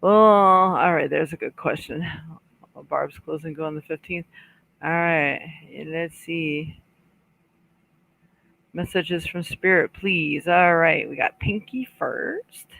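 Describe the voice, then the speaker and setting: On a live stream, a woman who works as a psychic reads cards, talks casually with viewers, and shares messages she attributes to spirit, clearing her throat and laughing softly throughout. Her low, slightly bright voice stays steady at a slow pace with long pauses. Audio quality is poor.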